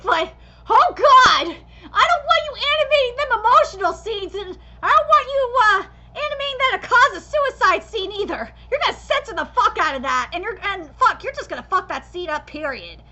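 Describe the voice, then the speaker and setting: Brief: woman streamer, very high sharp voice, profane heated critique, lo-fi recording. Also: animated, normal speed. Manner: passionate, profane ranting critique. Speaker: anime reaction streamer. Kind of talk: live reaction commentary.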